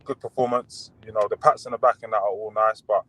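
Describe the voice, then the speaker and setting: A young man, a boxer talking casually as an interview guest over a video call, relaxed and rambling with lots of fillers and restarts. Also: fairly low pitch, fast, dry recording, rough recording.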